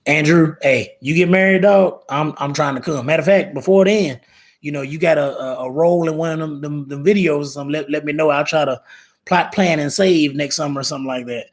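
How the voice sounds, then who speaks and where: A man's voice: fairly high pitch, brisk. A man in his thirties hosting a casual live stream, talking in a rambling way, repeating words and reading viewer comments aloud. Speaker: live show host.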